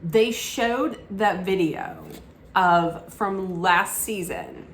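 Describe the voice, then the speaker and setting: A woman's voice: on the low side, very slow, roomy sound, a little hiss or hum. A woman giving an opinionated, casual recap rant about a reality show, often restarting her sentences. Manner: opinionated, frequent restarts and asides.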